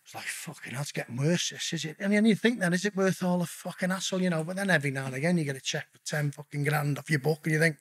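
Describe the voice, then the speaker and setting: A middle-aged man with a husky, fairly high voice and fast delivery tells stories as a guest on a podcast interview. He's blunt and casual, swears in nearly every sentence and keeps calling the host "mate."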